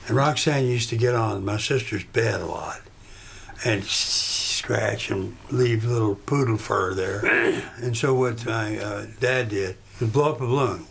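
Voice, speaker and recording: A low, gravelly male voice tells a rambling story in a deadpan manner. Faint noise sits under the voice. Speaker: reality show contestant. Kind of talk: storytelling to camera.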